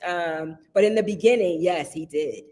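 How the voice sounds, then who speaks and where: A woman's voice: on the low side, moderate pace, darkish tone. A woman guest in casual conversation who tells stories with energy, acts out what people said, and laughs often. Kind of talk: casual chat.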